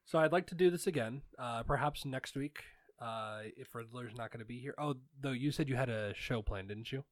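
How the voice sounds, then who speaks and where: Speaking fairly quickly at medium pitch, a man hosts a relaxed sports podcast, peppering his easygoing talk with plenty of ums and uhs. The recording is dry.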